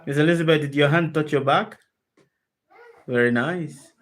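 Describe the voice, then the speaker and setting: With slight background noise behind her, a spiritual teacher speaks to an online group over a video call in a deep voice at a moderate pace. She's emphatic, asks many rhetorical questions, and often repeats key phrases.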